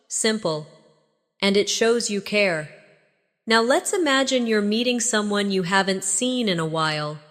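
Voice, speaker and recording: A woman narrates a scripted English lesson at a slow, unhurried pace. Her delivery is patient and encouraging, and she models phrases for the listener to repeat. A long reverb trails after her voice. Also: mid-range voice. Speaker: English teacher.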